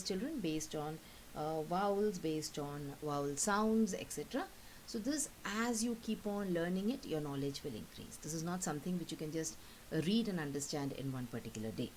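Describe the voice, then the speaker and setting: A woman's voice: low voice, a little mellow, slight background noise, low-quality recording. A woman teacher, patiently explaining a lesson and checking understanding with frequent questions. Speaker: English teacher. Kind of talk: recorded classroom lesson.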